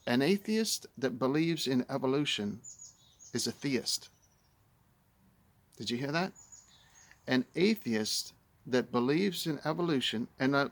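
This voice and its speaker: A man's voice: medium pitch, a bit bright. A man in a mid-range voice reviewing a book aloud. He talks casually with plenty of fillers, then presses his points with rising insistence. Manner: conversational with fillers, turning emphatic and argumentative.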